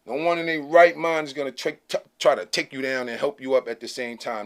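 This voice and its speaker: The channel host, a man with a medium-pitched, fairly bright voice, talks to camera a little fast. His casual style is blunt and full of slang and emphasis, and he keeps asking "okay?".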